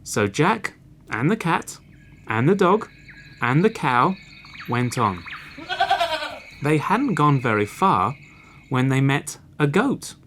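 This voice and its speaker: A man reading a fairy tale aloud for children in a clear, expressive way. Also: mid-range voice, slow, pauses often, a little hiss or hum. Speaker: storyteller.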